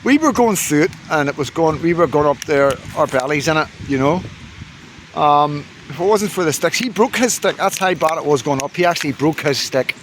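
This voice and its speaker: A man's voice: a little high, expressive, fairly quick, a little hiss or hum. A man telling a rambling, swearing story to his viewers and laughing along as he goes. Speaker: vlogger. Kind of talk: casual storytelling to camera.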